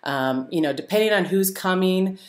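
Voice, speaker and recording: A woman hosting a live stream, telling a story to her viewers in a casual, animated way, laughing often and using many fillers. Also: on the low side, moderate pace. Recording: roomy echo.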